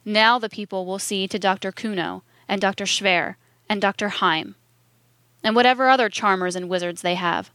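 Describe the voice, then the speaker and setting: A woman's voice: medium pitch, moderate pace, fairly bright tone, no room sound, studio quality, close to an everyday voice. A woman reading the lines of a stern older man who lectures a friend emphatically. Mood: lecturing. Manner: emphatic, declaiming.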